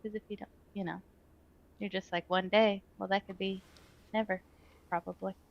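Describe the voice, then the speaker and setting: A woman's voice: medium pitch, level tone, moderate pace, gravelly. A woman co-hosting a casual chat, who talks in a chatty, reflective way and laughs easily. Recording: dull lo-fi sound.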